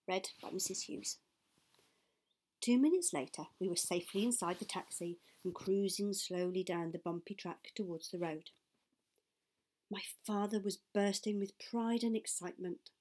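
A woman reading a storybook aloud as its narrator, in a measured, expressive way. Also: mid-range voice. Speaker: audiobook reader.

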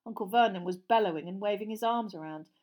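A woman narrating a storybook audiobook in a steady, clear reading voice. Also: medium pitch, fast talker.

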